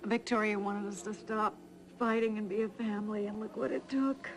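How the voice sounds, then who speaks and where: A woman's voice: medium pitch, fairly even intonation, moderate pace, background noise, natural voice. An actress playing a grieving mother who is crying and speaks in a strained, tearful voice. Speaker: soap opera character. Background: score music.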